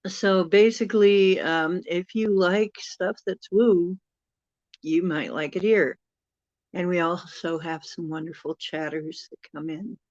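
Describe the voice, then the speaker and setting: Slow, low-voiced woman chatting on a livestream. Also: steady tone, a little mellow, no room sound, lo-fi sound. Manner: chatty, laughs often, self-correcting. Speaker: livestream host. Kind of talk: casual livestream chat.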